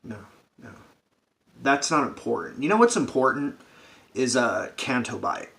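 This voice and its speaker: A man with a medium-pitched, gravelly, slightly bright voice delivers a sarcastic, heavily profane comedic rant about a film. He's very animated but keeps a measured pace, acting out the characters' lines as he goes.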